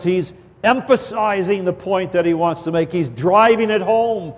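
A man with a fairly high voice preaches at an unhurried, measured pace, leaning on each key word. His voice rings out with a long hall reverb. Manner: slow, deliberate, emphatic phrasing with repeated words. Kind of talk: expository sermon.

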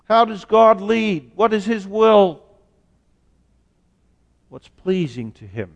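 A man preaching a sermon as pastor, slow and deliberate, asking rhetorical questions. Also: high voice, big pitch swings, vocal fry, highs cut off. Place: church sanctuary. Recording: long church reverb.

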